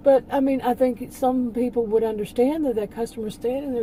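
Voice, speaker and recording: A woman's voice: on the high side, steady tone, a little fast, hardly any pauses, warm tone, a little hiss or hum, low-quality recording. A woman talking casually in a rambling monologue, laughing often and restarting her sentences. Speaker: channel host.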